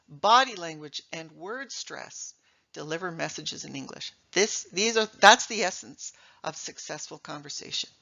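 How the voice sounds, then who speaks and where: A woman's voice: medium pitch, bright, forceful tone, highs cut off. A middle-aged woman presenting a talk to an audience, emphatic and full of rhetorical questions. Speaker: speaker giving a talk on English.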